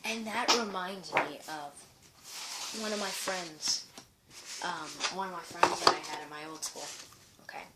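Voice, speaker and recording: A man's voice: fairly high pitch, a little slow, pauses often, very noisy. A man casually showing and reading his own comic strips, rambling with many restarts. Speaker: amateur comic strip creator.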